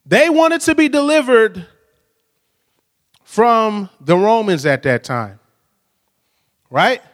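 Male pastor, high voice, chatty storytelling sermon, reverberant church sound. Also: animated, slow. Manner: storytelling, frequent "right?" tag questions. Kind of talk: conversational sermon. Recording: long hall reverb.

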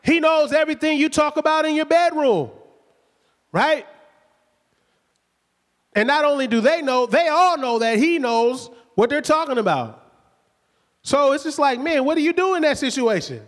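Male preacher, high voice, lively storytelling sermon, long hall reverb. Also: normal speed, long pauses. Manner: lively, conversational retelling with acted quotes and rhetorical questions.

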